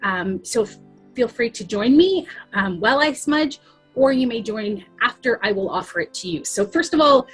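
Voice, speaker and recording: A woman leading a children's circle time on a video call, talking gently and reassuringly with many ums. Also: a little high, expressive, slightly rough, faint music behind. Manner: slow, soft-spoken and reassuring, with many ums. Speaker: early-years facilitator leading circle time. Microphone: laptop webcam on a video call.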